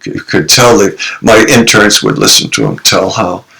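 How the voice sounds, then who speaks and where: A man who is a psychologist and author, a podcast guest telling his stories in an animated way and acting out the quotes. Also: lowish voice, moderate pace, gravelly, low-quality recording. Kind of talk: storytelling interview.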